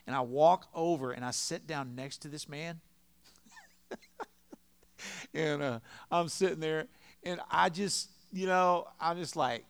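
A middle-aged man preaching a sermon in a conversational, storytelling way, swinging between loud and quiet. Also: a little high, normal speed, smooth. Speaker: pastor.

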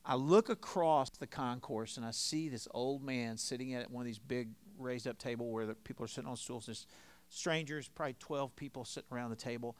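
A middle-aged man preaching a sermon in a conversational, storytelling way, swinging between loud and quiet. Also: mid-range voice, a little fast. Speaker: pastor.

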